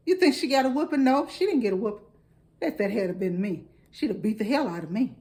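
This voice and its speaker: High-voiced St. woman telling family stories. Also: brisk. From St. Louis, USA. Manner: animated, acts out quotes. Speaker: storyteller. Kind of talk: casual storytelling.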